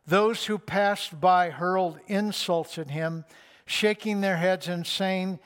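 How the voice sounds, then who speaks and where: A male pastor delivers a sermon, first reading a passage aloud and then preaching on it. His voice sits high for a man, and he speaks slowly and deliberately. He lifts his voice with force on the lines he wants to stress. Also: a bit bright, smooth. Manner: slow, deliberate delivery with emphatic rises.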